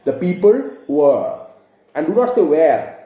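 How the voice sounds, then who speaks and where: A man's voice: a little high, very animated, slow pace, roomy sound, phone-quality sound. A man teaching grammar to camera, explaining patiently and asking rhetorical questions. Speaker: English teacher.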